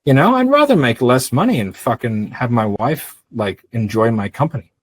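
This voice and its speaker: A middle-aged man, a business owner, chatting casually on a podcast in a blunt, profane, animated storytelling way. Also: mid-range voice, normal speed, husky, poor audio.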